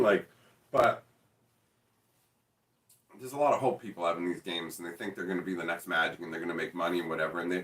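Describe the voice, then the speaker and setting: A man's voice: fairly low pitch, a bit bright. A man hosting a card game channel, chatting casually and rambling with lots of "like", often laughing. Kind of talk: casual chat. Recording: echoey room, mic at a distance.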